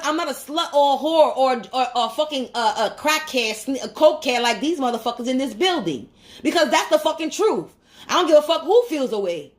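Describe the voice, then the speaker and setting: A woman vlogger, ranting angrily and profanely, repeating her points. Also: sits high. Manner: heated, profane, repeats herself. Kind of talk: angry rant to camera.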